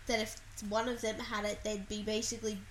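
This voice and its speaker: A woman's voice: mid-range voice, flat delivery, brisk, slight background noise, poor audio. A woman co-hosting a casual podcast chat, giving short, hesitant replies. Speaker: podcast co-host.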